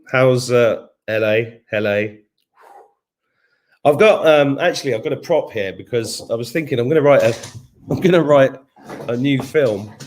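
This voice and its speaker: A middle-aged man talking casually on a live stream from his kitchen, his voice at an ordinary middle pitch. He rambles through viewer comments in a loose, chatty way and hums little tunes to himself while he scrolls. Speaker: livestream host. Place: home kitchen.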